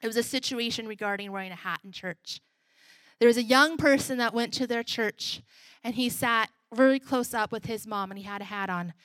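A woman pastor preaching a sermon, driving a repeated refrain home, moving from emphatic to soft and intimate. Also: a little high, brisk, no echo, clean studio sound.

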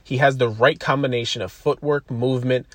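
With fairly even intonation at a medium pitch, a man talks a little fast on his casual solo podcast, and the recording has no echo. His talk drifts into tangents, laced with swearing and jokes at his own expense.

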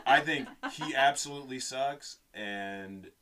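A man's voice: mid-range voice, a little slow, sharp tone. A man co-hosting a podcast, chatting casually in a loose, profane, offhand way. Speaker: podcast co-host. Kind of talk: casual chat.

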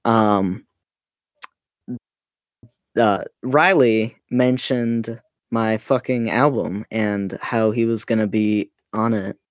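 A woman's voice: very deep voice, slow pace, pauses often, no room sound, studio quality. A woman co-hosting a podcast in casual chat, teasing and sarcastic. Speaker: podcast co-host.

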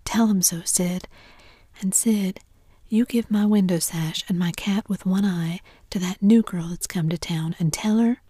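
A woman's voice: medium pitch, unhurried, warm tone, slightly rough, no room sound, clean studio sound. A woman voicing a mischievous boy faking illness, a whispered role-play with plaintive groaning.

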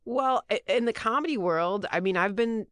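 A woman's voice: a little high, normal speed, fairly bright tone, no room sound, studio quality. A middle-aged woman, a guest on a podcast, chatting casually and rambling, often restarting her sentences. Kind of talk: casual chat.

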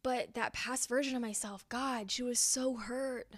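A woman's voice: fairly high pitch, fairly even intonation, unhurried, dry recording. A young woman hosting a podcast, talking earnestly through a reflective self-help monologue and repeating phrases for emphasis. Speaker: podcast host.

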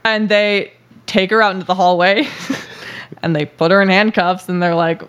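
A woman's voice: fairly low pitch, steady tone, moderate pace, fairly bright tone, clear, resonant tone. A woman hosting a podcast, telling a story in a casual, chatty way, laughing often and using many filler words. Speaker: podcast host.

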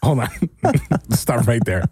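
A man's voice: medium pitch, measured pace, slight background noise. A man co-hosting a podcast, teasing his guest in casual chat and laughing often. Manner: animated, teasing, laughs a lot. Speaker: podcast co-host.

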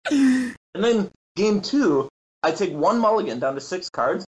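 A man's voice: high voice, measured pace, poor audio. A man telling a story in a casual podcast chat, acting out what others said and laughing often. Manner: animated, acts out quotes, laughs often. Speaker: guest, Magic tournament player.

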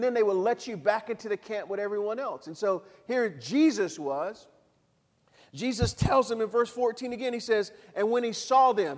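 High-voiced preaching man in a hall. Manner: animated preaching, acts out voices and calls the crowd to repeat. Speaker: pastor. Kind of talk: sermon.

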